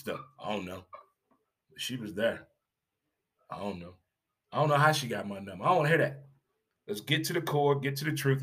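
This is a medium-pitched man, a sports commentator, on an animated rant full of strong opinions. He repeats himself for emphasis, leans on rhetorical questions and drops casual, blunt swearing.

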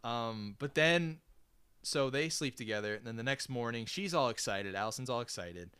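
Male podcast co-host, bright and clear voice, rambling casual recap. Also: medium pitch, animated, normal speed, no room sound. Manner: rambling retelling with many fillers. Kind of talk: casual movie recap chat.

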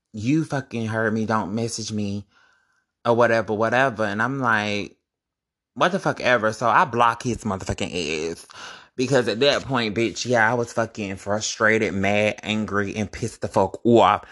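A young man telling a casual, animated storytime to his viewers, profane and full of sudden high-pitched outbursts. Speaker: vlogger.

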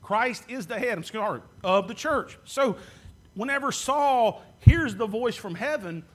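A man's voice: extremely high pitch, lively intonation, unhurried. A man preaching a sermon as pastor, posing questions to the congregation and answering them himself.

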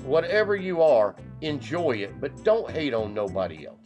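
A man talks in loose podcast banter, blunt and opinionated. His pitch sits in the ordinary middle for a man. He stumbles over his own restarts and keeps circling back to the same point. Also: big pitch swings, normal speed, darkish tone, dull audio, faint music behind. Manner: blunt and opinionated, repeats "you know what", stammers on restarts. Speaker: podcast co-host.

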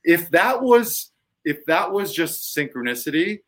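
A man's voice: fairly high pitch, big pitch swings, measured pace, fairly bright tone. A man hosting a podcast, chatting casually and riffing animatedly on bits with his co-host.

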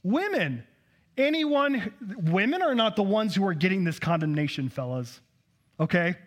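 A man's voice: high-pitched, big pitch swings, normal speed. A man preaching a sermon as pastor in a church, conversational and joking with asides.

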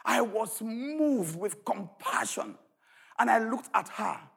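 A man preaching a sermon as pastor, shouting at the peaks and telling stories with a lively, swooping delivery. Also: high voice, slow pace, gravelly, slightly rough.

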